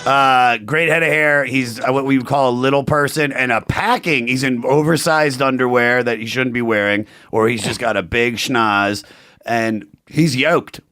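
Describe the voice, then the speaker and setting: A man's voice: mid-range voice, moderate pace, pushed and bright, soft background music. A man co-hosting a podcast, joking in a laid-back way and hedging with "like". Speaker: podcast co-host. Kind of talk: casual chat.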